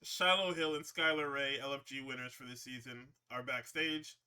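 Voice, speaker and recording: Bright-voiced man recapping wrestling. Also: medium pitch, fairly even intonation, normal speed, smooth. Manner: rambling and profane, with frequent laughs. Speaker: podcast host.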